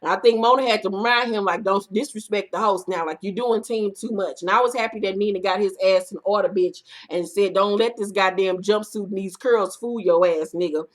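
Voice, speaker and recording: A woman recapping a reality TV episode in casual, profane commentary, acting out the cast in loud bursts. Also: medium pitch, a little fast, hardly any pauses.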